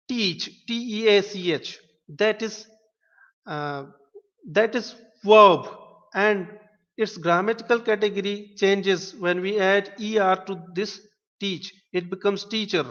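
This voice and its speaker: Male webinar lecturer, high voice, patient step-by-step explainer who spells words aloud; reverberant hall sound. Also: a bit bright. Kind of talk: online linguistics lecture. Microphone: webinar stream. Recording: dull lo-fi audio with long reverb.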